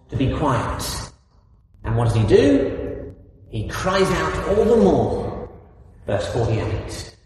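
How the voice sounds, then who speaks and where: A man preaching a sermon, animated, with rhetorical questions to the congregation. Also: medium pitch. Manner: animated, rising loud on key phrases, asks the congregation rhetorical questions. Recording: echoey hall from far off, faint noise.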